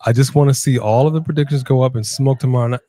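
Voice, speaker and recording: A man's voice: mid-range voice, steady tone, quick pace, dark tone. A man co-hosting a casual live watch-along stream, upbeat, greeting viewers by name and hyping the chat. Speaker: livestream co-host. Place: Los Angeles.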